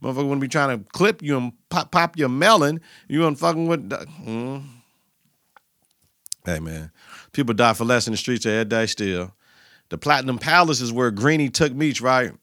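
Male podcast host, casual and animated, bright forceful voice, dry close sound, acts out characters as he recaps. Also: mid-range voice, normal speed, dry recording. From Milwaukee, Wisconsin. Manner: animated retelling, acting out characters' lines with laughs.

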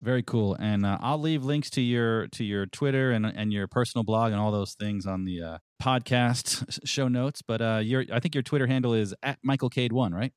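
A man hosting a podcast in a relaxed, chatty way, with lots of fillers and restarts. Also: medium pitch, normal speed, few pauses, clean tone, dry recording, studio quality. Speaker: podcast host. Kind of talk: casual podcast chat.

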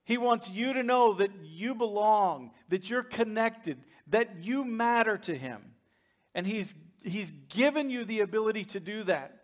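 A man's voice: sits high, measured pace. A man preaching a sermon as pastor, conversational and joking with his congregation. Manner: humorous, conversational, laughs with the congregation.

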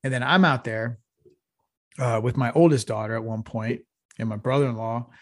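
A man's voice: mid-range voice, fairly even intonation, normal speed, no echo, clean studio sound. A middle-aged man from Texas, a podcast co-host telling a rambling, profane story in a casual chat. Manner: profane, laid-back storytelling with frequent laughs.

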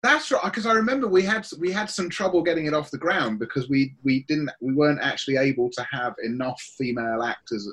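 Husky, slightly high co-host. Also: male voice, brisk, hardly any pauses, fairly bright tone. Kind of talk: casual podcast interview.

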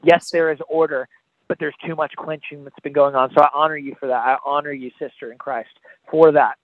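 A man's voice: a little high, fairly even intonation, brisk. A man, an evangelist, preaching with impassioned, pleading, repetitive calls on a podcast. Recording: tinny phone-line sound, dry.

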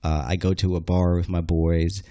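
A man's voice: deep voice, flat delivery, moderate pace, mellow, no echo, clean studio sound. A young man on a casual podcast, telling a crude story with lots of swearing and acting out the quoted lines.

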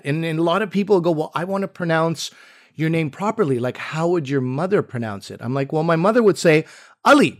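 A man with a slightly raised pitch chats as a podcast co-host. He tells his stories in an animated way and slips into other people's voices to act out what they said. The tone stays relaxed and conversational. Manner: animated storyteller who acts out other people's lines. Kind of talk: casual podcast chat.

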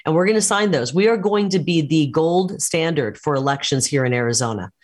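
Forceful woman campaigning in an interview. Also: deep voice, expressive, brisk. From United States. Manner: forceful, combative campaign talk. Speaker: political candidate. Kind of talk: interview over a call.

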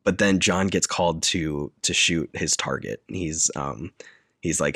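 A man's voice: very deep voice, fairly even intonation, a little slow, bright, forceful tone, dry recording, clean studio sound. A man casually recapping a film plot, rambling and full of filler words.

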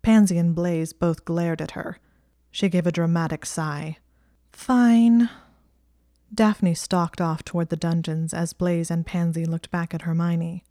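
A woman reading a fan fiction story aloud as an audiobook, in calm, measured narration. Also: lowish voice, no room sound, studio quality. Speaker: audiobook reader.

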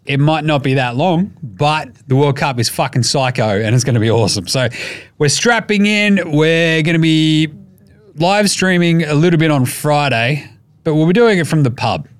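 A man's voice: a little high, no room sound. Profane, jokey Australian man hosting. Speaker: podcast host. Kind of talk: casual sports podcast chat.

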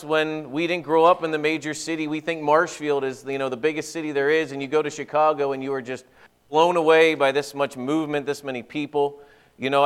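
A man's voice: a little high, a bit bright, clear, resonant tone. A man, a pastor, delivering a sermon in an earnest, conversational way with folksy asides and prayer.

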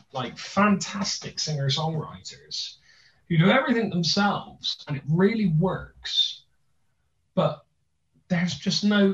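A young man with a thick Bristolian accent, chatting casually as a podcast host, rambling with many restarts and fillers. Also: high-pitched. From Bristol, England. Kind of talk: casual chat. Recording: roomy, distant, dull sound.

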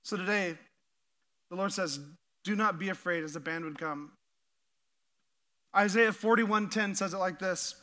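A man preaching a sermon as pastor, animated and full of "like", leading the congregation in spoken declarations. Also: sits high, a little slow, long pauses. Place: church auditorium.

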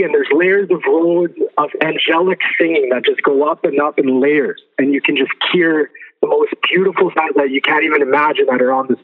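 A man telling his testimony as an interview guest, earnest and repeating phrases for emphasis. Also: fairly high pitch. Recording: tinny phone-like line.

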